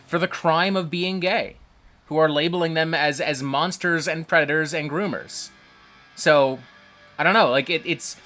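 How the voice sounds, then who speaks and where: A man's voice: fairly high pitch, bright, forceful tone. A man hosting a livestream, reading chat and ranting in a profane, combative way. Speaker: livestream host.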